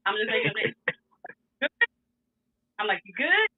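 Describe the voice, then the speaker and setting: Animated storytelling woman, tinny sound. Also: a little high, slow, a little hiss or hum. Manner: animated, profane, laughs often. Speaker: guest telling a story. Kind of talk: casual storytelling.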